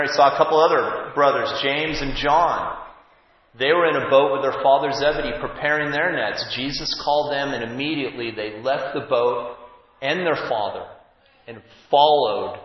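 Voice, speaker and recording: Man preaching in a very echoey hall. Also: medium pitch. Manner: conversational storytelling, swings from loud to hushed. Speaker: pastor. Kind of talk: sermon. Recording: echoey hall, dull sound.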